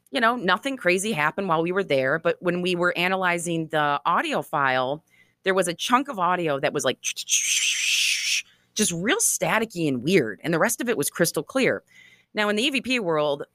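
Woman guest, low voice, dry close sound, chatty and animated storyteller. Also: no echo. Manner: animated, chatty, laughs often. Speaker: author and guest. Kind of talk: conversational storytelling interview.

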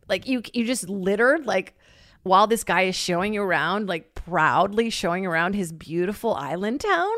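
A woman hosting a podcast, telling a funny story in a lively, casual way, swearing freely and acting out what people said. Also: mid-range voice, moderate pace, dry recording, studio quality. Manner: animated, swears freely, acts out quotes. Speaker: podcast host.

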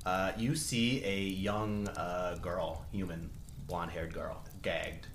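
Male game master, lowish voice, roomy sound with noise behind, easygoing narration. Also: slow pace. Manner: laughing easily, relaxed narration.

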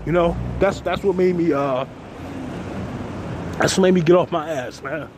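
A man with a slightly high voice talks loosely to his phone while walking a city street, tossing in "man" and "you know" as he goes. Traffic noise runs clearly underneath. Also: normal speed. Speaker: vlogger. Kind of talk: casual walking vlog. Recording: noisy outdoor street audio.

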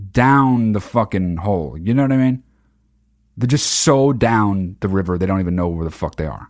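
Man, podcast host, comedic commentary, swearing, mocking, very lively pitch. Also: normal speed. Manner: profane, mocking, animated.

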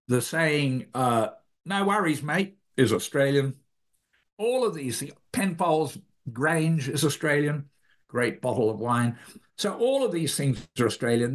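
An older man answering interview questions about his ideas. His pitch rises and falls freely as he talks. He pauses and restarts phrases often, working through each point. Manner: thoughtful, halting, restarts phrases. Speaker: philosopher, author.

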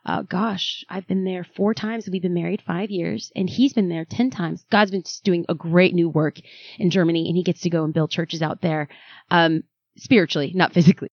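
A woman guest on an interview podcast, telling her story in a dramatic, animated way. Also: on the low side, moderate pace, no room sound, lo-fi sound. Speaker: author and guest.

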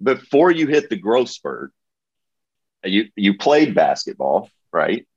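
A man's voice: lowish voice, very animated, slow pace, breathy edge. A male interview host asking questions and giving short affirmations in a casual chat. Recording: dull lo-fi sound.

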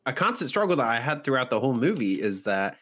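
A man's voice: medium pitch, big pitch swings, fast, a bit bright. A man co-hosting a movie podcast, recapping a plot in a rambling way with fillers. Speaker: podcast co-host. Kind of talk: casual movie review chat.

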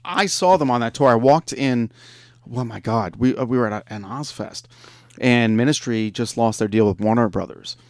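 A man's voice: mid-range voice, moderate pace, no echo, studio quality. Laid-back male radio host. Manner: laid-back, rambling, enthusiastic about music. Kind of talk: casual chat.

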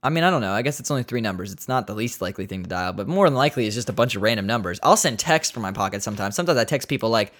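A man's voice: lowish voice, animated, rapid-fire, few pauses, a bit bright. A man hosting a podcast, chatting casually in a rambling, joking way with some swearing. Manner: rambling, jokey, swearing, laughing at his own asides. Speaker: podcast host. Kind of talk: casual solo podcast chat.

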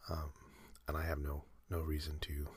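A man hosting a sleep podcast, talking in a soft breathy whisper, slow and meandering with many fillers. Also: very deep voice, monotone, no echo. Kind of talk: rambling whispered sleep talk.

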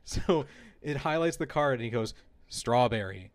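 A man hosting a casual podcast chat, telling stories in an animated way and laughing often. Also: a little high, normal speed. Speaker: podcast host.

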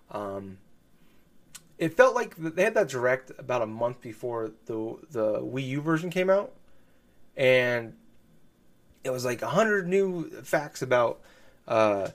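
A man chatting casually about video games on a podcast, rambling with lots of fillers and restarts. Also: medium pitch. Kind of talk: casual gaming podcast chat.

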